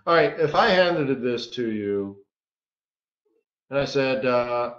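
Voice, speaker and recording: A man's voice: medium pitch, lively intonation, slow pace, long pauses. A man coaching traders in a live-streamed lesson, talking in a casual, joking way and often tossing in "right?". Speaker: trading coach. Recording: roomy, dull lo-fi stream audio.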